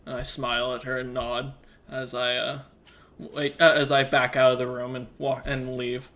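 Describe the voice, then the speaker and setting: A man at a tabletop game with a bright, clear voice. He talks casually and loosely, swears freely and is quick to laugh between his moves. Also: mid-range voice, flat delivery. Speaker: player.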